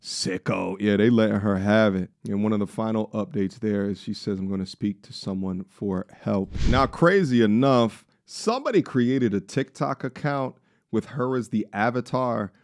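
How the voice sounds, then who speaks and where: A man's voice: lowish voice, moderate pace, no echo. A man hosting a casual commentary channel who talks straight to his viewers in a blunt, incredulous way, recorded close in a home studio.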